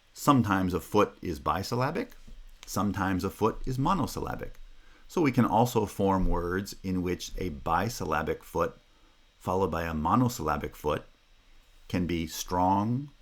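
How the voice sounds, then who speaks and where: Man, very low pitch, lecture, patient, methodical, occasional "uh" fillers. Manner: patient, methodical, repeats key terms; occasional filler "uh" and checking "Right?". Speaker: linguistics lecturer. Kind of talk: recorded lecture explaining slides.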